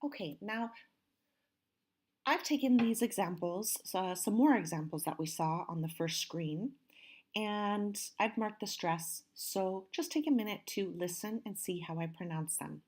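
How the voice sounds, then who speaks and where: A woman teacher recording a pronunciation lesson, saying each word slowly and clearly. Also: medium pitch, expressive, darkish tone. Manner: slow, carefully enunciated modeling of words.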